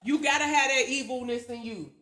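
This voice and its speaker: Profane, animated high-voiced woman ranting. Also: a little fast. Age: adult with children. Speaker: livestream host. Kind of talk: casual storytelling rant.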